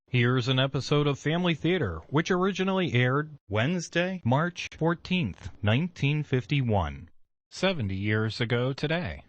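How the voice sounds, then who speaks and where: A male station announcer introducing old radio programs in a steady, clear way. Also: mid-range voice, moderate pace, no echo.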